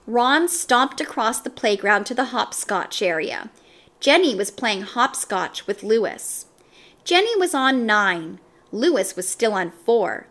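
A woman reading a children's chapter book aloud, with expressive, animated narration. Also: mid-range voice, slow. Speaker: storybook reader.

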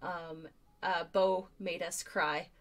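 Low-voiced woman chatting, full of fillers. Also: fairly even intonation, slow pace. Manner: rambling with many fillers. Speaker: co-host. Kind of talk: casual chat.

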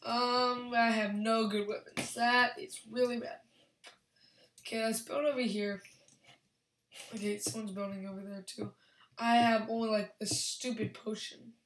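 A young woman giving excitable, rambling commentary over her own gameplay, yelling at opponents. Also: fairly high pitch, measured pace. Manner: excitable, restarts often, yells at opponents. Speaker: gaming channel host. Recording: echoey room with faint background hiss.

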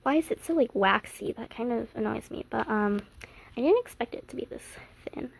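High, lively, gushing young woman. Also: a little fast, gravelly, breathy edge, low-quality recording. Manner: gasps and squeals often, gushing fan excitement; drops to a whisper at times. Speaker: vlogger unboxing a haul. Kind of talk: excited casual unboxing chat.

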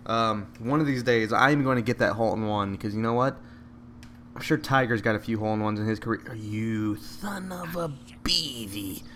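A man giving live, joking commentary over a video game, with excited outbursts at each shot. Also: fairly low pitch, fast talker, slight background noise. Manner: excitable, joking, bursts out at shots. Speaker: gameplay commentator.

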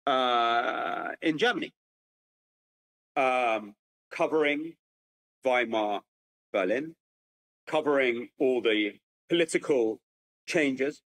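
A man delivers a public lecture from home over his computer. His voice rises and falls widely, and he tells the history with lively, animated energy, often breaking off and restarting sentences. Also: medium pitch, poor audio. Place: at home with a computer, remote talk.

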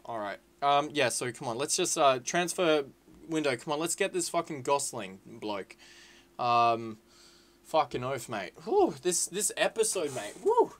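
A young man rambles through casual commentary over his gameplay. He is rowdy and sweary, jumping between excitable shouting and low muttering. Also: a little slow. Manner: rowdy, sweary and excitable, swinging to loud whining outbursts. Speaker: gaming YouTuber. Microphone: desk mic with webcam.

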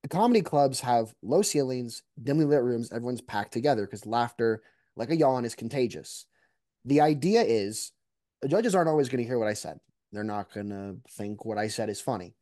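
A man's voice: mid-range voice, normal speed, no echo, studio quality. A man, a mock trial competitor, reflecting animatedly in a casual interview. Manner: reflective, animated, many restarts.

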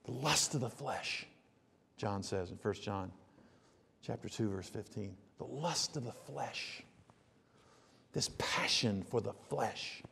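A man preaching a sermon as a pastor, in a conversational style that swings between hushed asides and loud emphasis. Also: lowish voice, slow, gravelly, long pauses, long reverb tail, noisy background. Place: church sanctuary.

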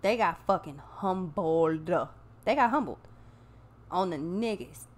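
A woman's voice: fairly low pitch, lively intonation, a little slow. A woman giving a casual tarot reading, talking bluntly and emphatically with plenty of swearing. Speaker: tarot reader.

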